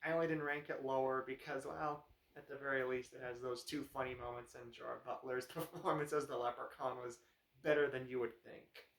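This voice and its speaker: A man's voice: mid-range voice, fairly even intonation, fairly quick, fairly bright tone. A man casually reviewing a movie, rambling with lots of fillers and dry sarcasm. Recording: roomy echo.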